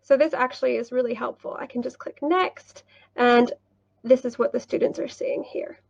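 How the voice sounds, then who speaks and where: A woman teaching English online, walking through screen sharing and acting out a mock class, patient and unhurried, laughing lightly now and then. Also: on the high side, fairly even intonation, creaky, dull audio.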